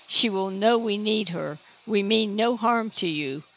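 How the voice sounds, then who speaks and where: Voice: mid-range voice, measured pace, creaky, fairly bright tone. A narrator voicing a defeated, weary father who mumbles. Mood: pleading. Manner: mumbling, downcast.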